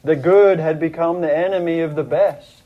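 A man's voice: fairly even intonation, moderate pace, lo-fi sound. A man preaching a sermon, earnestly retelling a story with dramatic drops and rises in his voice. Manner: earnest, dramatic retelling, voice dropping low and rising in quoted prayers. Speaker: pastor.

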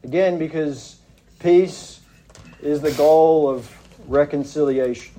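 A pastor with an Australian accent, delivering a sermon in a measured, deliberate way and stressing his points. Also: on the high side, dark tone.

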